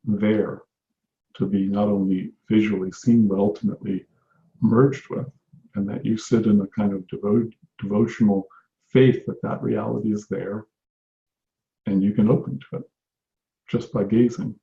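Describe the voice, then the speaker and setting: A man giving an unhurried, reflective talk on meditation as a teacher, often restarting his phrases. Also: lowish voice, level tone, gravelly, warm tone. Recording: echoey room, dull lo-fi sound.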